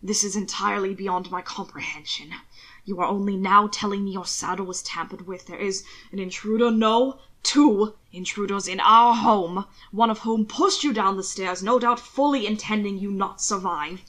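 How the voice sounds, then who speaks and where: A woman voicing an anguished, commanding aristocratic husband in an audiobook reading of fan fiction, speaking low and intense and sometimes dropping to a hiss. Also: moderate pace, fairly bright tone, close to an everyday voice. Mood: furious.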